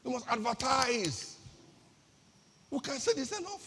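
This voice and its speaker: Husky Nigerian woman preaching in a hall. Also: high voice, very animated, measured pace, sharp tone. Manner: emphatic, repeats key phrases, rhetorical questions. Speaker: pastor. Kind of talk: lively sermon-style business talk.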